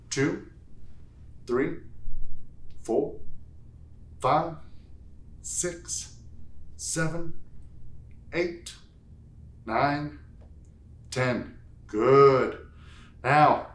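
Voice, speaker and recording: A male fitness instructor talks slowly and patiently through a strength routine, counting each rep out loud. His voice sits at an ordinary pitch. The room around him rings with echo. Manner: counts reps aloud, playful asides. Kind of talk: guided workout instruction. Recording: echoey room.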